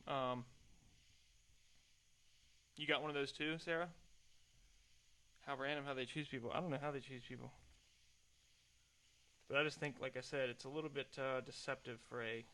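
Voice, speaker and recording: A man's voice: medium pitch, normal speed, long pauses, sharp tone. A young adult man hosting a solo podcast, chatting in a rambling, self-deprecating way at a desk mic. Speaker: podcast host.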